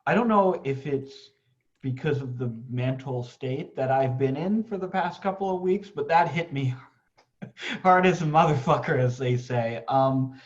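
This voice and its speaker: A man's voice: mid-range voice, a little slow. A man hosts a reading event in a casual, effusive way. He swears freely and stops and restarts with fillers. His voice comes through dull and lo-fi. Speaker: host of reading series. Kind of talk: casual chat.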